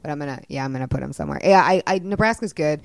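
A woman's voice: deep voice, rapid-fire, dry recording. A woman playwright in her thirties talking in a casual interview, telling stories with lots of laughter and the odd swear. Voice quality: animated storyteller, laughs often, swears casually. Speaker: playwright guest.

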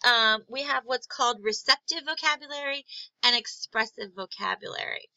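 A woman lecturing on psychology in a recorded class, filling pauses with many ums and restarting words. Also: a little high, sharp tone, no room sound, dull audio. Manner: frequent ums, halting restarts. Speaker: psychology instructor.

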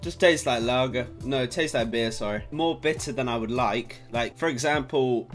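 A man's voice: medium pitch, normal speed, over loud music. Rambling young British guy vlogging. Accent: British English. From Britain. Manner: rambling, excitable, swears casually. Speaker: YouTuber. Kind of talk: casual vlog chat to camera. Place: home room at night.

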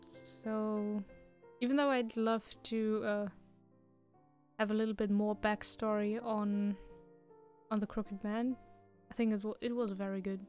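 A woman's voice: medium pitch, level tone, a little slow, darkish tone. A woman streamer chatting casually while playing a story game, reading its text aloud. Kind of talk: casual let's-play commentary. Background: faint piano game music.

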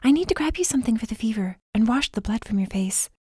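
A woman voicing a protective young woman in an audiobook, soft and tender at times, defiant and tearful at others. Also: a little high, expressive, fast, breathy edge, no room sound, studio quality, voice pushed up. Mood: tender, worried. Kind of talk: audiobook character voice.

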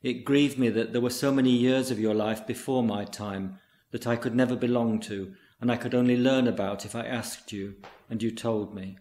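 A man's voice: mid-range voice, steady tone, normal speed, darkish tone, lightly acted. A man reading the lines of an anxious, wistful woman in a literary story, his voice lifted slightly and earnest. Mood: tender. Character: anxious, wistful woman returning to her childhood seaside.

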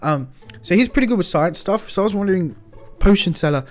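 Young male roleplay host, slangy and hyped, voice on the high side, faint music underneath. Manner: excitable, slangy, quick shifts between shouting and muttering. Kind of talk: improvised game roleplay.

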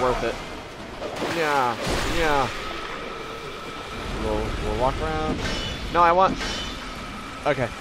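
A man doing let's play commentary, excitable and self-mocking, yelping and groaning when things go wrong. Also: mid-range voice, very noisy. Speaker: gameplay commentator.

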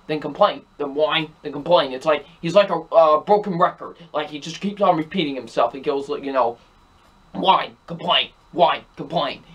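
A man's voice: on the high side, fairly bright tone. A young man giving a ranting movie review, exasperated and emphatic, repeating himself over and over.

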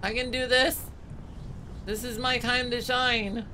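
A woman's voice: on the high side, little pitch movement, takes it slowly, background noise. A woman streaming a game, giving casual commentary that is wry and full of swearing. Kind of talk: live gameplay commentary.

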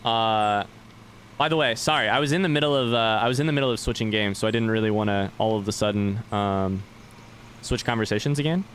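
A man's voice: on the low side, brisk, fairly bright tone, a little hiss or hum. A young man streaming a game live, chatting loosely with viewers and swearing casually as he plays.

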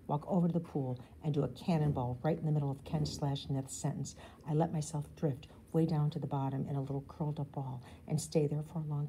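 A woman teacher reads a children's chapter book aloud in a low, mellow voice. She reads expressively and gives each character a voice of their own. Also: slight background noise, poor audio. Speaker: teacher reading aloud to a class. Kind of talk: storybook read-aloud.

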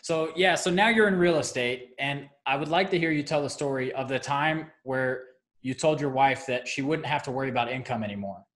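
A man's voice: medium pitch, fairly quick, a bit bright. Encouraging male podcast host. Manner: encouraging, frequent short affirmations. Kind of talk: interview questions.

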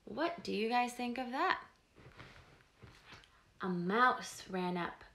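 Slow gravelly woman reading to kids. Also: on the high side, expressive, slight background noise. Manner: slow, gentle, asks the children questions. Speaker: storyteller host. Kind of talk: reading a picture book aloud to children.

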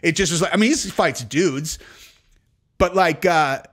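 A man in his forties hosts a podcast and tells a long, rambling story, swearing freely and breaking into laughter. His voice sits a little higher than most men's. He speaks casually, with many fillers. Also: measured pace, fairly bright tone. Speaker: podcast host.

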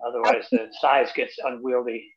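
Calm, explanatory male host on a video call, dull lo-fi sound. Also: mid-range voice, moderate pace, creaky, crowd noise. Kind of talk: casual video call chat.

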